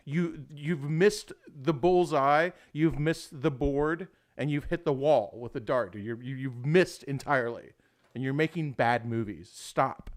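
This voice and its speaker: This young adult livestream host has a mid-range voice and keeps a measured pace. His talk is long, loose and rambling, full of swearing, with "dude" thrown at people again and again.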